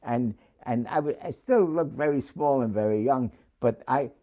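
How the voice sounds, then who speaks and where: An older man from New City, telling his war memories in an oral history interview with frequent chuckles and halting restarts. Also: mid-range voice, dark tone. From New York City.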